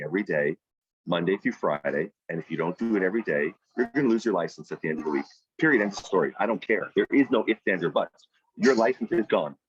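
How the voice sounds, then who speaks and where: A man leading a weekly team meeting over a video call, telling a story and giving an emphatic motivational talk that jumps to loud, high peaks. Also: husky, no room sound, muffled recording. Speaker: team leader running a weekly sales meeting. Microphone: video call microphone.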